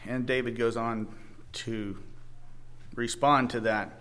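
A man preaching a sermon, reading scripture aloud and speaking with many halting restarts. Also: mid-range voice, steady tone, fairly bright tone.

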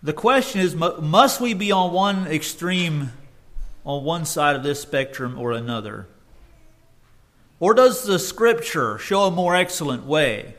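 A man's voice: on the high side, lively intonation, a little slow, a bit bright. A man preaching a sermon earnestly, often restarting his phrases and rising in force when he quotes scripture.

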